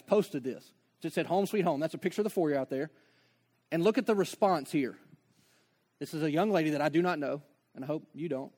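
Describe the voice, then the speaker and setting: A man's voice: fairly high pitch, darkish tone. A man preaching a sermon as pastor, conversational, with joking asides and acted-out dialogue.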